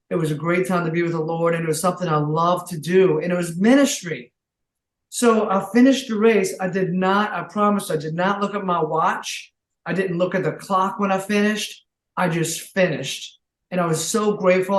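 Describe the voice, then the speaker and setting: A man telling his comeback story as a podcast guest, earnest and full of faith, with bursts of excitement. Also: fairly high pitch. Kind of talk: casual interview chat. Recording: roomy echo.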